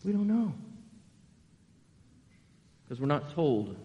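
A man's voice: a little high, slow pace, highs cut off. Man in his 60s, pastor, sermon, rhetorical questions, echoing sanctuary. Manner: animated, conversational preaching with rhetorical questions.

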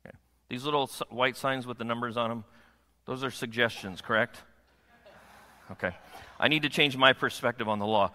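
A man's voice: medium pitch, lively intonation, fairly quick, sharp tone. A pastor preaching a sermon to his congregation, often asking them rhetorical questions. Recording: long hall reverb.

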